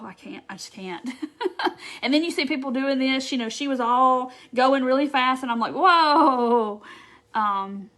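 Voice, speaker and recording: A woman's voice: high voice, fairly bright tone. Bubbly woman chatting on a craft stream. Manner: chatty and bubbly, with frequent fillers and quoted asides. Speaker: craft live-stream host. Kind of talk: casual live-stream chat, reading viewer comments.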